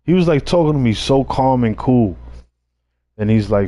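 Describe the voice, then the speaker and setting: A man's voice: mid-range voice, lively intonation, normal speed, mellow, no room sound. A young man telling street stories in a casual, laid-back way, with lots of slang and swearing. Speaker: streamer. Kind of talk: casual storytelling.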